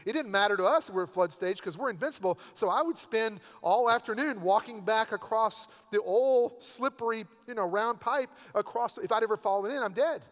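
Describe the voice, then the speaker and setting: Male pastor, high voice, chatty sermon storyteller, reverberant sanctuary. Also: fairly quick, hardly any pauses, a bit bright. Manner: conversational, storytelling with asides. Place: church sanctuary. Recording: long church hall reverb.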